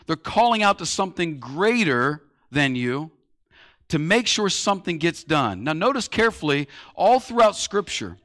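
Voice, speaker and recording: Man, sermon, conversational preaching, everyday analogies, high-pitched. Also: big pitch swings, moderate pace, fairly bright tone. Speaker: pastor.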